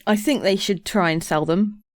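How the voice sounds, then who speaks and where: A woman co-host gives short, relaxed replies in a casual chat. Her voice sits in a middle range, and the sound is dry and close with little room echo. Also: medium pitch, moderate pace. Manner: brief, laid-back replies.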